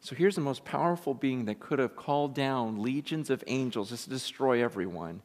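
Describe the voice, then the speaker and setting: A man's voice: medium pitch, normal speed, darkish tone. A man preaching a sermon in an impassioned, emphatic way, often repeating words as he builds up. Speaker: pastor. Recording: long reverb of a large hall.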